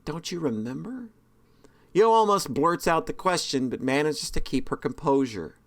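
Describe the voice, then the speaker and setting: A man's voice: a little high, lively intonation, normal speed. A man reading a visual novel's text aloud, breaking off for sarcastic, joking commentary. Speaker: let's play host.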